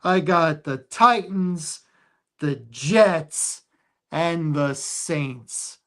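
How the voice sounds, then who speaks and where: A man hosting a casual football picks show, reading out lines and odds deliberately. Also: on the high side, fairly bright tone. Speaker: show host. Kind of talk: casual sports picks chat.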